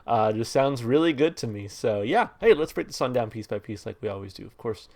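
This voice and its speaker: A man hosting a music reaction channel, talking through a song in a relaxed, rambling way and reading its lyrics aloud. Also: medium pitch, fairly quick. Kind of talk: casual music review talk.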